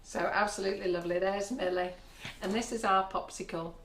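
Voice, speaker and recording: A woman in her sixties hosts a baking live stream from her kitchen, chatting in a rambling way and laughing often. Her mid-range voice is fairly bright, with fairly even intonation and a slightly fast pace, over slight background noise.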